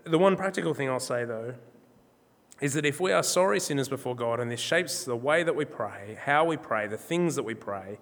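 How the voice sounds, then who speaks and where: A man preaching a sermon in a measured, emphatic way, slowing down on key words. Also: medium pitch, expressive, fairly bright tone, long reverb tail. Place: church.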